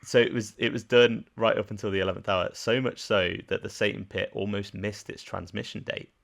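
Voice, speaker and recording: A man's voice: lowish voice, steady tone, fairly quick, gravelly, a bit bright. A man with a Birmingham accent co-hosting a podcast, chatting and reading out trivia facts. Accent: Birmingham English. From England. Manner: reads out production facts, chatty, laughs easily. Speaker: podcast co-host.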